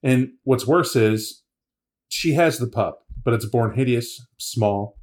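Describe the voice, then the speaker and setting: A man's voice: medium pitch, slow. A man co-hosting a podcast in casual chat, retelling a story with laughter and acted-out quotes. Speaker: podcast co-host.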